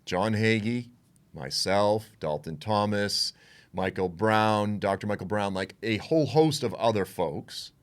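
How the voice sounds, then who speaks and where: A man giving a conversational Bible teaching, frank and animated, acting out what others would say. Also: on the low side, a little slow. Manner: animated, frank, with asides and quoted voices.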